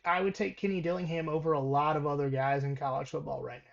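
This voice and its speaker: A man on a casual sports podcast runs through coaching records, stopping and restarting as he goes. His voice sits a little high for a man. The recording is dull and lo-fi. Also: steady tone, fast, vocal fry. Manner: reads stats with many ums and restarts. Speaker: podcast co-host.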